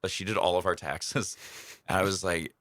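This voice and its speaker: A young comedian tells his stories in a radio studio, rambling and self-deprecating. His voice sits very low but carries a forceful, bright edge. The sound is dry and close, with almost no room around it. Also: steady tone, moderate pace, no echo. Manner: chatty, self-deprecating, rambling with fillers and laughs. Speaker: comedian, radio interview guest. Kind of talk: casual interview storytelling.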